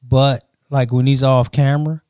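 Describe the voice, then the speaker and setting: A man co-hosting a casual chat, making counterpoints in a measured, argumentative way. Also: medium pitch, flat delivery, a little mellow, no echo, clean studio sound. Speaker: podcast co-host.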